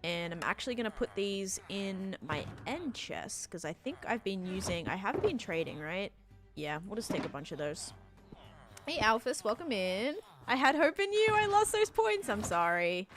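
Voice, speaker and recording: A woman's voice: mid-range voice, sing-song, normal speed, over music. Chatty Australian woman streamer. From Australia, Sydney. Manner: chatty, rambling, reads out and answers chat. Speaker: game streamer. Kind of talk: casual livestream chat with viewers.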